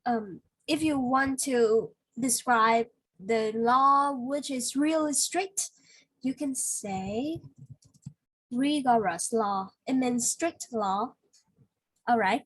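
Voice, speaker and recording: A woman with a husky, slightly high voice gives a patient one-on-one vocabulary lesson. She talks slowly, leaning on fillers as she explains words. The recording is close and dry. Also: a bit bright, no room sound, poor audio. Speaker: English teacher.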